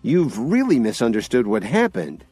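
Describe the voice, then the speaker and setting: A man's voice: mid-range voice, huge pitch swings, normal speed, a little mellow, breathy edge, faint music behind, voice pushed up. A man voicing an exasperated young woman pleading with her father. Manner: pleading, insistent.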